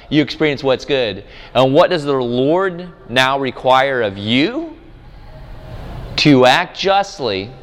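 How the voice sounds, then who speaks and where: A man who works as a campus minister preaches at a conference, telling a family story in a slightly high voice. He's an animated storyteller, acting out his small daughter's voice, and the echoey hall gives the recording a long reverb.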